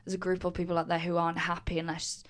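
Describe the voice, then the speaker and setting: A woman comedian co-hosts in a relaxed, chatty way, swearing freely and scattering fillers through her talk. Her voice sits a little low for a woman. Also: very fast. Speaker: comedian and podcast co-host. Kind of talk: casual chat.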